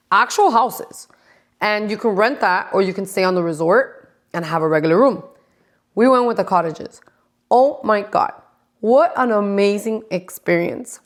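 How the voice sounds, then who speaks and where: A woman in her forties chatting casually to camera, blunt, sassy and full of profanity. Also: lowish voice. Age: 40s. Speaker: vlogger.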